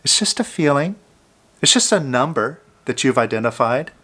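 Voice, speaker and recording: A man giving a calm self-help talk, coaching the listener directly and sometimes dropping to a soft, hushed voice. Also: medium pitch, moderate pace. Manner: drops to a soft near-whisper on "I love you, fear".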